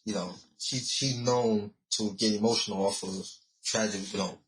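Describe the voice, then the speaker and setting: A man's voice: on the low side, steady tone, normal speed. A man co-hosting a podcast in a laid-back casual chat, agreeing a lot and using slang. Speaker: podcast co-host. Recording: roomy echo.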